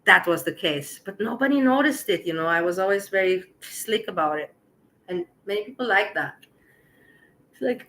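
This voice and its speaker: A woman casually telling a personal story to her viewers, animated and laughing as she acts out the dialogue. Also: mid-range voice, poor audio.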